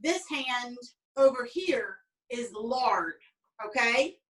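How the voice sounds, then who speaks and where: Demonstrating baking as a cooking instructor, this woman from the American South tells family tales in a folksy, rambling, chatty style with a Southern accent. Her voice is on the high side, animated and fairly bright, and she speaks slowly; the rough recording was made from a distance.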